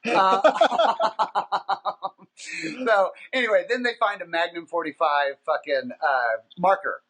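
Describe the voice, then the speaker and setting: A man hosting a podcast, telling a long, profane anecdote in a casual, animated, rambling way. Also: high-pitched, slow pace. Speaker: podcast host. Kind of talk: casual storytelling.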